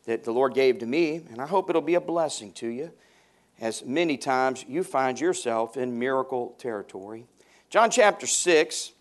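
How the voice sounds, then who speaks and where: A pastor preaching a sermon to his congregation, stressing his points and repeating key phrases. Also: medium pitch.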